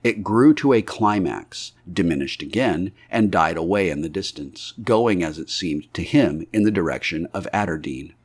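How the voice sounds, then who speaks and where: A man narrates a classic novel in a steady, expressive reading. His voice sits a little low. He carries the prose at an even, storytelling pace. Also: normal speed, hardly any pauses, breathy edge. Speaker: audiobook narrator.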